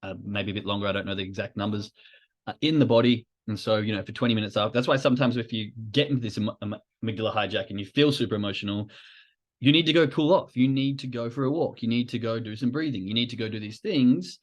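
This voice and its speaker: Low-voiced man explaining trading psychology. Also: quick pace, muffled recording. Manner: explanatory, informal, with fillers. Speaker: podcast host. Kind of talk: educational podcast talk.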